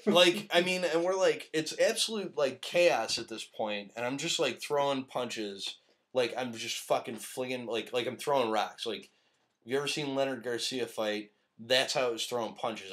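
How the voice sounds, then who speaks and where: A man of middling pitch spins a long, rambling story on a podcast stream. He swears freely, laughs often and keeps the talk loose and casual. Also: moderate pace, a bit bright. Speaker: podcast host.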